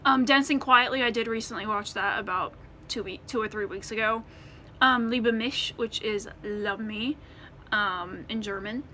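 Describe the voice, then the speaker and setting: American woman vlogger, slightly high and bright, loose rambling Q&A with lots of ums. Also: normal speed, slight background noise. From United States. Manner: rambling, many ums and restarts. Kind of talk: casual Q&A to camera.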